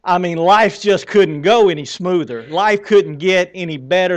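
A male pastor delivers a sermon in a fairly high voice. He talks to the congregation as if chatting with them and often puts questions to them as he moves around the stage. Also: unhurried, hardly any pauses. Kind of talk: Easter sermon.

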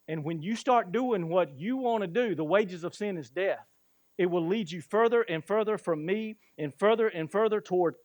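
A pastor with a high voice preaches slowly and with emphasis, often chuckling as he works through his stories. The sound is dry and close, with no room around it. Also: a little mellow, no room sound. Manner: slow, emphatic storytelling with chuckles. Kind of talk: sermon.

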